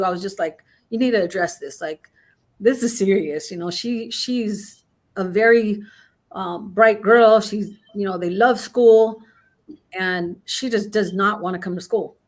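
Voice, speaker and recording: A middle-aged woman guest in casual chat, telling a long story with many restarts and fillers. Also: medium pitch. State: has the hiccups.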